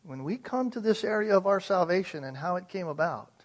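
A man with a notably high voice preaches with conviction. He presses his points and asks his listeners rhetorical questions along the way. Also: lively intonation, brisk. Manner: emphatic, uses rhetorical questions and acted quotes. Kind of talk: sermon.

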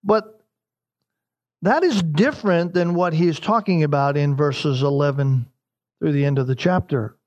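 A man's voice: on the high side, moderate pace, a little mellow, highs cut off. A man preaching a verse-by-verse sermon, emphatic and repeating his key lines. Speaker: pastor.

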